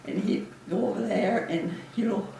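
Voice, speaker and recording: An interview captures a former Navy nurse in her eighties reminiscing, warm and chatty with frequent laughter. She has a gravelly, medium-pitched voice at normal speed. There's a faint hiss or hum, and the room echoes around a distant microphone.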